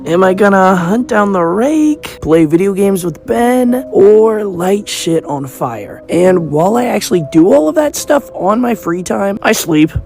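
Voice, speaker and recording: A man playing a young masked killer who keeps a video diary, in a character role-play vlog, talking in a dry, offhand, flatly joking way. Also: high voice, measured pace, creaky, few pauses, faint music behind, heavily acted.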